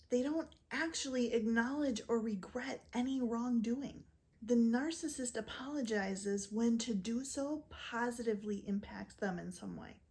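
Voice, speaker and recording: Mellow higher-voiced woman explaining calmly. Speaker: physician and narcissistic abuse educator. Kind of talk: scripted educational talk to camera.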